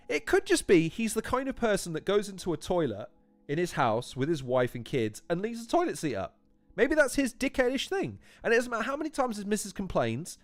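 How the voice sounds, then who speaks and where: A man casually chatting on his livestream, animated and rambling, with plenty of swearing. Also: high voice. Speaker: YouTuber hosting a livestream. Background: faint background music.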